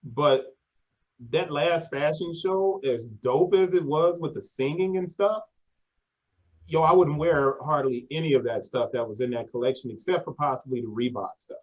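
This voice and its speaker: A man's voice: a little high, moderate pace. Slangy male host with a lo-fi sound. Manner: slangy and conversational, says 'yo' and 'man'. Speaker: podcast host. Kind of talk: casual interview.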